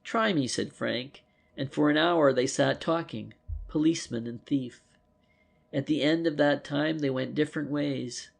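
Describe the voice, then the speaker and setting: A male narrator reads a vintage detective story in a measured way. His voice sits a little high and has a gravelly texture. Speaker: audiobook narrator. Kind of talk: scripted narration.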